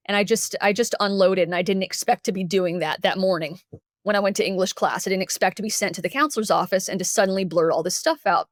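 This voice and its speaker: A woman from Texas, a podcast guest, telling a personal story candidly and lively, acting out what people said. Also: medium pitch, brisk, no room sound, studio quality. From Dallas, Texas. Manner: candid, animated, acts out the quotes.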